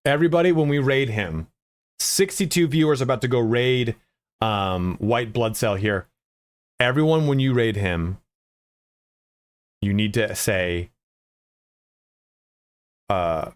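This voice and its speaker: A man's voice: medium pitch, takes it slowly, pauses often, clean tone, dry recording. A man chatting casually and profanely with viewers as a game streamer, rambling with lots of filler words.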